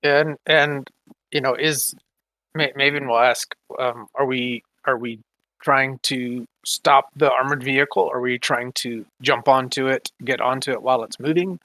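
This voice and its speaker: Bright-voiced man thinking aloud in a game. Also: medium pitch, steady tone, no room sound. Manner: halting, thinking aloud with fillers. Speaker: player. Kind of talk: casual tabletop game talk.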